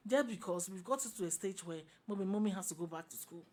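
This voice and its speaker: This talk show panelist, a woman with a Ghanaian English accent, talks fast in a mid-range voice. She's passionate and forceful, pressing her opinions by repeating them again and again.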